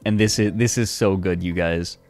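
Male streamer, low-ish voice, giggly and excitable, faint music under him. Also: moderate pace. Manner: laughs often, exclaims loudly, reads chat aloud. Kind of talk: casual stream chat.

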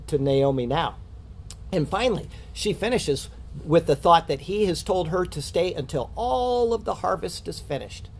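A man giving a verse-by-verse Bible study, explaining the text in a measured teaching manner with rhetorical questions. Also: high-pitched, darkish tone, breathy edge.

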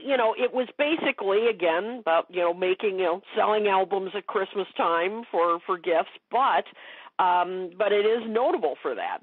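A woman's voice: fairly low pitch, slightly rough, no echo. A woman speaking as a guest expert in a casual interview chat, talking with many fillers and restarts. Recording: dry phone-like call audio.

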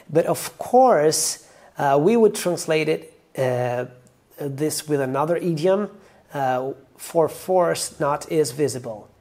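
A man's voice: fairly high pitch, vocal fry, a little mellow. A man with an Italian accent, a native Italian speaker, explaining song lyrics to learners carefully and step by step. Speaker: language teacher.

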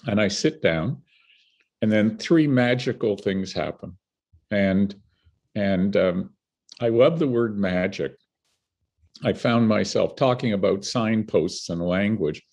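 Speaking slowly with long pauses, an older Canadian man who makes films tells stories as an interview guest in a fairly low, breathy voice. He brings his anecdotes to life by acting out the people he quotes.

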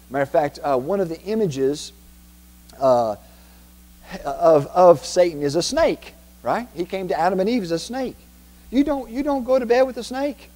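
A man preaching from the pulpit, his voice a touch higher than most men's and mellow in tone. He presses each point with repeated words and rhetorical questions thrown to the congregation, and his voice rings out with a long church reverb. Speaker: pastor. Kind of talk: sermon. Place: church sanctuary.

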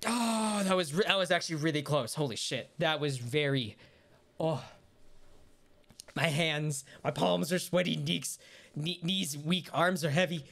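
A woman streamer giving casual commentary over her gameplay, talking to herself and swearing and yelling when she gets frustrated. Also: deep voice, measured pace, creaky. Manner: talks to herself while playing. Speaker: gaming streamer.

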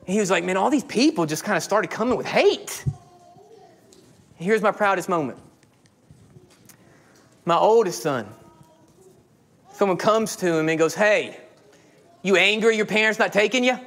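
A man in his thirties, a pastor preaching a sermon, animated and acting out quoted dialogue. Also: high voice, unhurried, long pauses. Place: church sanctuary.

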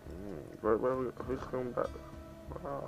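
A man playing a video game and commenting casually, excitable and boastful, exclaiming at every kill. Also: mid-range voice, measured pace, vocal fry, music in the background. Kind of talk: casual let's-play commentary. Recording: noisy home recording.

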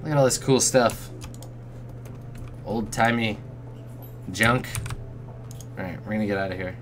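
A man's voice: lowish voice, unhurried, faint music behind. A man streaming a role-playing game, casually commenting in a jokey way, swearing and often muttering under his breath. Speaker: let's play streamer.

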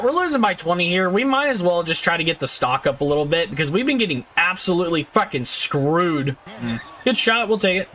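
A man giving casual, excitable gameplay commentary. He gets easily frustrated, yells at his teammates, and talks in slang with mild swearing. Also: high voice. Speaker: gaming YouTuber.

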